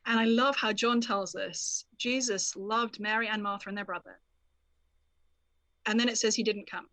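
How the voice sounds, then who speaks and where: A woman author, a podcast guest, explaining a Bible passage in an animated, storytelling manner. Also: medium pitch, moderate pace, no room sound. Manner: animated storyteller, quotes scripture expressively. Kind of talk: conversational Bible teaching.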